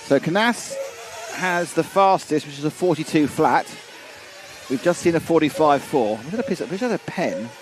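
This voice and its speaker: A man's voice: on the high side, expressive, normal speed, slight background noise. A man doing live race commentary, chatty and playful, sometimes stumbling over names.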